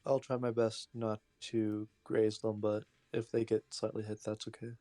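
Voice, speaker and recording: A man playing a tabletop game states his moves calmly and matter-of-factly. His voice is dark and mellow, with very little rise and fall. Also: fairly low pitch, normal speed. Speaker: player. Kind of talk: casual tabletop play.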